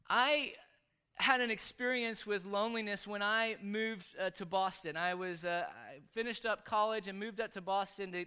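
A man's voice: high-pitched, sharp tone, smooth. A man preaching a sermon, telling a personal story in an earnest, confessional way.

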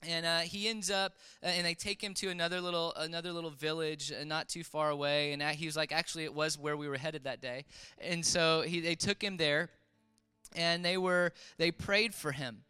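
A man preaching, retelling a story with halting restarts and fillers, as in a sermon. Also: on the high side, steady tone, pushed and bright, clear, resonant tone, soft background music. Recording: long reverb of a large hall.

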